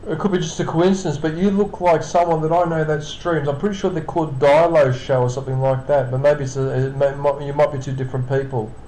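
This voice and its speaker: A man's voice: a little high, fairly even intonation, fast talker, hardly any pauses, dark tone, a little hiss or hum. A tired man hosting his own live stream from his apartment, chatting in a rambling, self-correcting way and yawning now and then. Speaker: streamer host. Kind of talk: casual live-stream chat. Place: home apartment. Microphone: computer setup with webcam. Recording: roomy echoey room.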